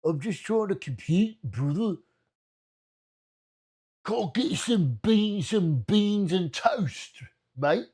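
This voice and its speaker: Guy doing a smug fake british dude, mocking, pitched up and loud. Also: animated, slow pace, long pauses, breathy edge, full character voice. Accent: put-on British. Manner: exaggerated sneering caricature. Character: mocking exaggerated British man, smug and blustering.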